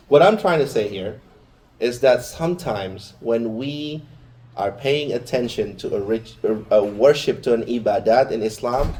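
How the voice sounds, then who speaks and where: A man's voice: medium pitch, mellow. A man giving a Friday sermon in a mosque, talking informally and chattily, with personal asides to the congregation. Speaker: Friday preacher.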